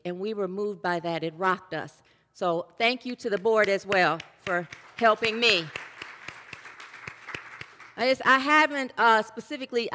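Bright-voiced woman pastor preaching in a hall. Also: medium pitch. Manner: warm conversational preaching with loose restarts. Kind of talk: sermon. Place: church. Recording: long hall reverb.

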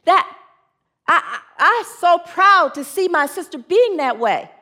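Very animated yet keeping a measured pace, a woman pastor preaches an earnest sermon that calls for responses from the congregation. Her voice drops quiet and low whenever the moment turns sorrowful.

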